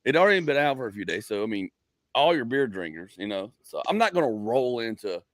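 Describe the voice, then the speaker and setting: A male comedian hosting a casual podcast chat, telling stories in an animated way and repeating phrases. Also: medium pitch, quick pace, no echo, studio quality.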